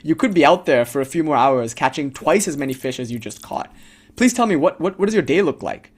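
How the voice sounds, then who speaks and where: A man's voice: a little high, animated, a little fast. A man voicing a pushy middle-aged New York businessman who eagerly lectures and hands out advice.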